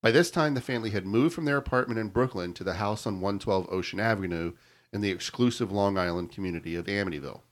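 Speaking quickly in a fairly low voice, a man co-hosting a podcast tells a crime story, reading it steadily in casual conversation and stumbling on hard names.

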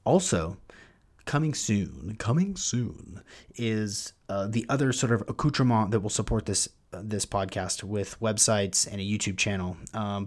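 A male podcast host introduces his episode and reads a sponsor spot. His voice sits a little low, and he talks with bubbly enthusiasm, often restarting his sentences as he goes.

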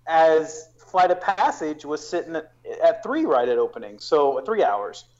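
A man's voice, slightly higher than most, comes through a dull, muffled recording. He talks as a podcast guest, working through a long explanation with restarts and fillers. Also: lively intonation, a little slow, a little mellow. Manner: explains at length with many restarts. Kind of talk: casual podcast conversation.

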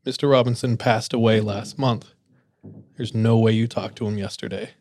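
A man's voice: on the low side, fairly even intonation, normal speed, a little mellow, a little hiss or hum, natural voice. A man voicing a widow in a ghost story he tells, in his own everyday voice. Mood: shaken. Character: grieving widow, demanding then tearful.

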